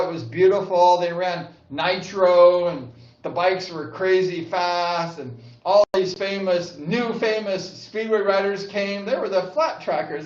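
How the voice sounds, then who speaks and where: Older guy with a high voice, rambly and excitable, says like a lot, kinda dull echoey sound. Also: distant mic. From Southern California. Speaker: vlogger, former speedway rider. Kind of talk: casual reminiscing monologue.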